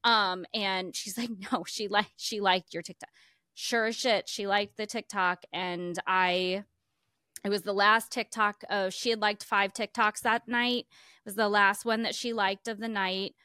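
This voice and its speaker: Female co-host, bright and lively, laughs a lot, dry studio sound. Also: medium pitch, measured pace, clean tone, no echo. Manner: animated storytelling, laughs often. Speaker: podcast co-host. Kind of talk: casual chat.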